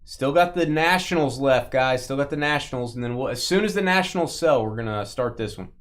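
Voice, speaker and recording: A man's voice: mid-range voice, lively intonation, fairly quick, fairly bright tone. A man hosting a live sports card break stream, chatting and joking with viewers and greeting them by name. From Texas.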